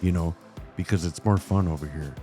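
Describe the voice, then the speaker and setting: A man's voice: low voice, a little fast, mellow, faint music behind. A man co-hosting a podcast, reading a playful scripted show intro. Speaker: podcast co-host.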